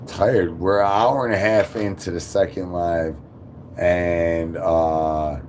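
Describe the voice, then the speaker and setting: A man hosting a live stream, talking to chat in rapid rhyming nonsense banter. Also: low-pitched, steady tone, darkish tone, slight background noise. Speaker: livestream host.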